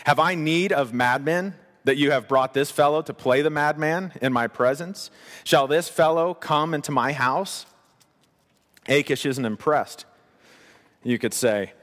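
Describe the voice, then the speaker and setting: A man preaching a sermon as pastor, animated and conversational with playful asides. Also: a little high, unhurried, in a large hall.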